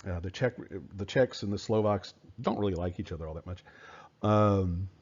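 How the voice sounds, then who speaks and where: A man teaching history in a relaxed, conversational lecture, with fillers and rhetorical questions. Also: deep voice, normal speed. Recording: dull lo-fi recording.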